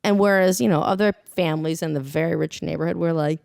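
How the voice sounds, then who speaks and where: A woman's voice: sits low, fairly even intonation, fast, creaky, a little mellow, dry recording, clean studio sound. A young adult woman co-hosting a podcast, a blunt, rambling storyteller who laughs often in casual chat. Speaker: podcast co-host.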